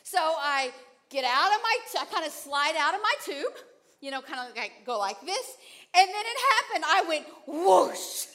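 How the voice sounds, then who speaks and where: High, bright-voiced woman telling a sermon story. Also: moderate pace. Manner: animated storyteller, acts out her own panic and her husband's calm. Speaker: preacher.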